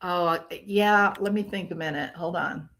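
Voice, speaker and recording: A woman's voice: on the low side, unhurried, fairly bright tone. An older woman hosting a casual true crime commentary livestream, ranting and reacting to viewer comments as they come in.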